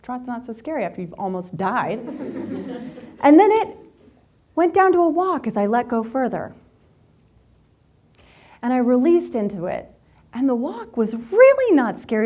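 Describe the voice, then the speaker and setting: A woman giving a motivational talk to a live group, telling stories in a candid, animated way and swearing freely. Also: fairly high pitch, unhurried, long pauses. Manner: candid, profane, animated storyteller. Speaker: workshop speaker.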